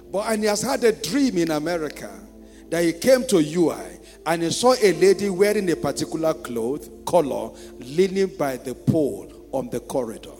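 Nigerian pastor preaching in a hall. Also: male voice, fairly high pitch, expressive, normal speed. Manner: call-and-response preaching with rhetorical questions; swings between hushed storytelling and loud shouting. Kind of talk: sermon. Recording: reverberant church hall with music.

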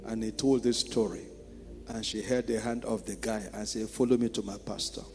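A man with a Nigerian accent preaching a sermon as pastor, asking the congregation rhetorical questions and swinging between hushed storytelling and loud shouting. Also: on the low side, steady tone, moderate pace. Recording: reverberant church hall with music.

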